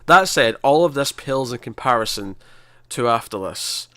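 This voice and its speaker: A man co-hosting a review podcast, recapping an episode in a lively, stumbling way with lots of restarts. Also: medium pitch, normal speed, no room sound. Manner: animated, stumbling retelling with many restarts. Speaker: podcast co-host. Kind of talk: casual review chat.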